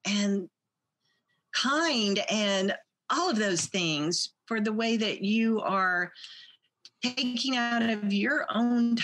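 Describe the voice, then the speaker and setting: Slow-talking woman artist guest. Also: medium pitch, lively intonation, a little hiss or hum. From Mississippi, USA. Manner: warm, rambling, many fillers and restarts. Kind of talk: casual interview chat.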